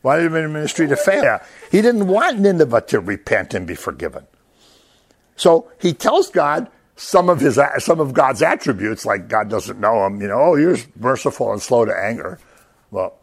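A man teaching an informal Bible study in a relaxed, talkative way. His pitch swings widely as he acts out the quotes he tells, and he chuckles often along the way. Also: moderate pace. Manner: animated, acts out quoted lines in raised voices, chuckles often.

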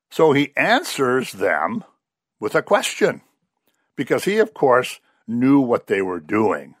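A man delivers a sermon in a storytelling way, his pitch rising and falling with real animation. The sound is dry and close, with little room around it. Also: a little slow, no room sound. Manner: animated storytelling, voices quoted figures. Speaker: preacher.

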